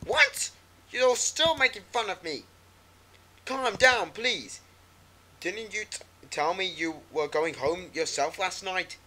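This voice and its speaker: A man doing a shrill, frightened young woman. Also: slow pace, pushed and bright, heavily acted. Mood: upset. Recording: noisy with clicks and ticking.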